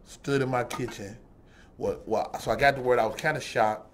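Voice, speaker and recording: A man's voice: mid-range voice, fairly even intonation, moderate pace. A middle-aged man hosting a talk show, chatting casually and acting out the voices of people in his stories. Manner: storytelling, acts out quoted voices. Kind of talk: casual chat.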